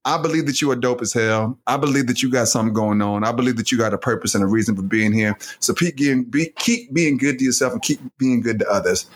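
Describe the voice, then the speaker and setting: A man's voice: mid-range voice, fast talker, few pauses. A middle-aged man co-hosting a podcast, laid-back and teasing, addressing listeners as "y'all". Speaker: podcast co-host, father. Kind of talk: casual podcast chat.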